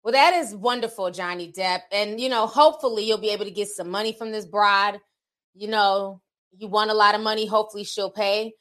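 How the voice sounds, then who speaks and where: A woman's voice: medium pitch, fairly even intonation, fairly quick, fairly bright tone. A woman hosting a commentary video, talking in a blunt, slangy and scornful way. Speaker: commentary channel host.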